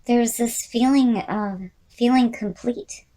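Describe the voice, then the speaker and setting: A woman giving a casual tarot reading who is losing her voice and sounds hoarse. She muses aloud, repeats key words and speaks straight to the viewer. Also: on the high side, slow pace, dark tone. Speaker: tarot reader.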